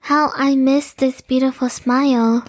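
A woman voicing a graceful elder female dragon spirit in an audio drama, speaking gently and graciously. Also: sits high, level tone, measured pace. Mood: tender.

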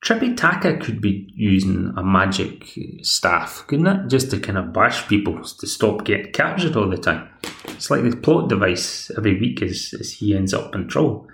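A Scottish man hosts a podcast and recaps a TV episode in a loose, chatty, rambling way, dropping wry asides as he goes. His low voice is gravelly, and it is recorded in an echoey room. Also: very animated, moderate pace, fairly bright tone. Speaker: podcast host.

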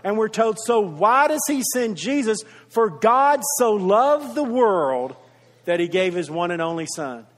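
A man's voice: sits high, big pitch swings, a little slow. A man preaching a sermon as pastor, earnest and repeating his key points for emphasis, with storytelling asides. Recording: reverberant hall.

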